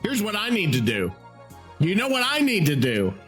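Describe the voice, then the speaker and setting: Ranting, high-voiced male podcast host. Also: huge pitch swings, moderate pace, a bit bright, faint music behind. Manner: exasperated, profane, ranting. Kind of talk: solo podcast rant.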